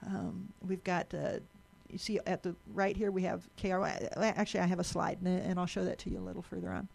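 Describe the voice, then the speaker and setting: Gravelly-voiced woman giving a live talk. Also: fairly low pitch, level tone, a little fast, darkish tone. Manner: chatty, with frequent restarts and repeated words. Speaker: lecturer. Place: lecture room with an audience.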